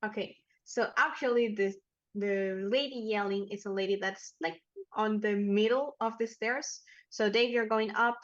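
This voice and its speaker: A woman's voice: mid-range voice, fairly even intonation. Woman running a tabletop game, casual and chatty, kinda muffled mic. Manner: casual, with fillers and quick self-corrections. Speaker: game master. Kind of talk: narrating a tabletop horror game. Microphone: headphones and microphone.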